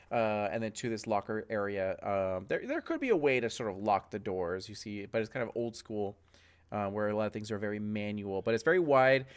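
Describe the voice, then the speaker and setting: A man's voice: lowish voice, clean tone. Rambling male game master. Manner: rambling, full of fillers. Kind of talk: narrating a tabletop game.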